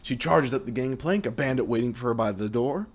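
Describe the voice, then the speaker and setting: A young man casually narrating the story of a video game, with restarts and a lively manner. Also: mid-range voice, brisk. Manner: lively, hesitant retelling with restarts.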